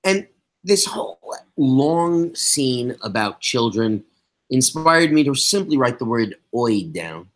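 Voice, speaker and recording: A man's voice: mid-range voice, lively intonation, slow pace, a bit bright. Middle-aged guy snarking through an episode recap, dry sarcastic podcast chat. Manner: wry, sarcastic. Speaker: podcast co-host.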